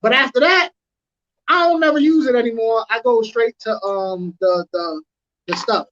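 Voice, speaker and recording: A woman telling a long anecdote in an animated, slangy way on a casual podcast. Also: a little high, dull audio, a little hiss or hum. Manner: animated, drawn-out storytelling with slang. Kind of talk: casual podcast chat, storytelling.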